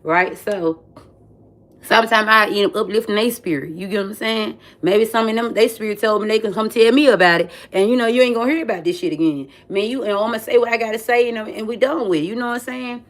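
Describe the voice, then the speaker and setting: Animated profane woman telling a story. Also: fairly high pitch, fast talker. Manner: animated, profane, repeats "friend" and "you know what I'm saying". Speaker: vlogger. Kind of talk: casual storytelling rant.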